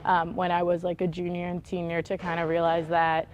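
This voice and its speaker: A young woman, a college softball player, giving calm and thoughtful interview answers, often saying like and um. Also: on the low side, brisk, a little hiss or hum. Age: young adult.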